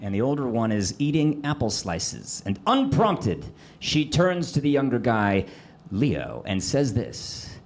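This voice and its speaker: On a comedy club stage, a man with a medium-pitched voice delivers a stand-up set at an unhurried pace, animatedly telling stories and acting out dialogue into a handheld mic. The live club recording picks up room noise and audience laughter.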